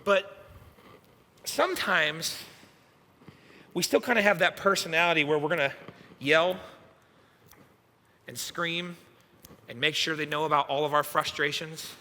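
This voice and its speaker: A young adult man, a youth pastor, preaching a sermon as an animated, self-mocking storyteller. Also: on the high side, measured pace, pauses often, in a large hall. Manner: animated, self-mocking storyteller acting out his own past lines. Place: church hall.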